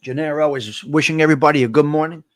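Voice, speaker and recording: Man, livestream host, higher-pitched voice, dry close mic, motivational, repeats himself, reads chat comments. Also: steady tone, quick pace, no echo. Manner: motivational, repetitive, addresses viewers directly. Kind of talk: casual live morning chat, reading chat comments.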